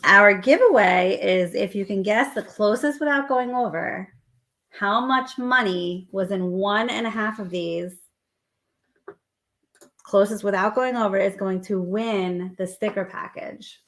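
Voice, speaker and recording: A woman's voice: medium pitch, unhurried, fairly bright tone. A woman co-hosting a casual live stream, chatting and reading out lists of viewer guesses. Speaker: livestream co-host.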